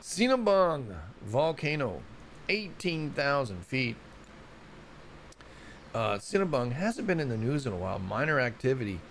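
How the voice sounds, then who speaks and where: Brief: American male host, casual and rambling, gravelly edge, mid pitch, faint noise behind. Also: very animated, a little slow. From United States. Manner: rambling, folksy, talks to viewers. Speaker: host of a science news show. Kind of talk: casual live commentary.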